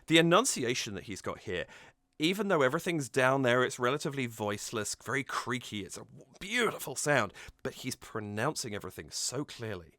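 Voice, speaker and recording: A music reaction YouTuber gushes with delight as he analyses a song cover, humming and singing snippets of melody to make his points. His mid-range voice is expressive, brisk and sharp-toned, recorded with no room sound.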